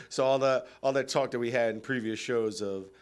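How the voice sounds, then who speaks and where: A man co-hosting a radio show, talking sports casually, rambling with lots of fillers and frequent laughter. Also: mid-range voice.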